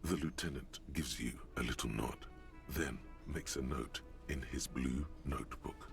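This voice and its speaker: Brief: deep fry-laden game narrator with a weighty, solemn delivery. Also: male voice, over music, heavily acted. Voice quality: gravelly, slow, portentous delivery. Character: gravelly male inner narrator of a detective game.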